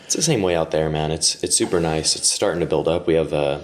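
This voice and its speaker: A friendly male podcast guest with a very low voice tells rambling, easygoing stories. He speaks in a relaxed, conversational way. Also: quick pace. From Austin area, Texas. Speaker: podcast guest, jiu-jitsu coach. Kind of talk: casual storytelling.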